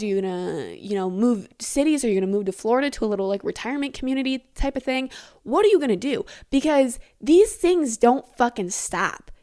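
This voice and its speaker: A woman's voice: a little high, a little mellow. A woman in her late teens hosting a casual solo podcast, talking in a candid, rambling way with lots of swearing and "like". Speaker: podcast host.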